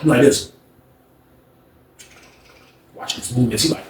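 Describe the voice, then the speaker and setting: A man telling a story in a casual, slangy way, animated and acting out the dialogue. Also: a little high, fast talker. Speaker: storyteller recounting prison life. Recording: echoey room with faint noise.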